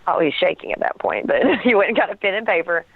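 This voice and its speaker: A woman's voice: on the low side, very animated, fast talker, vocal fry, no room sound. A woman telling a personal story as an interview guest, earnest and searching for words, often breaking into a laugh. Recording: tinny phone line, dry.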